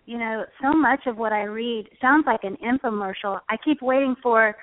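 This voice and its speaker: A woman's voice: fairly high pitch, normal speed, no echo. A woman guest giving earnest, faith-centered advice on speaking, now and then chuckling. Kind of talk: conversational advice on a call-in show. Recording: dry tinny phone line.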